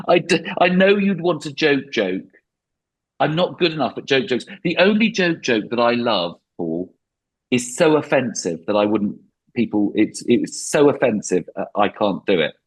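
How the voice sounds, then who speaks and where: A middle-aged man talks as a podcast guest, rambling and mocking himself. His voice is slightly husky. His pitch swings widely as he goes. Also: a little slow, rough recording. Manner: rambling, self-deprecating, animated. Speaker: comedian guest. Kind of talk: podcast interview.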